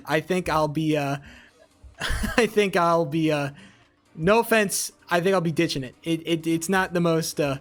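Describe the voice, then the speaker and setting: Over soft background music, a young man with a higher-pitched voice speaks at an unhurried pace to his live-stream audience. He reads chat and responds with rambling, swearing, and jokes.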